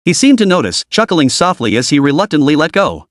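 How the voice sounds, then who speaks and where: Steady and even, a man with a somewhat high voice moves a little fast through a comic story recap. It's a close, dry recording.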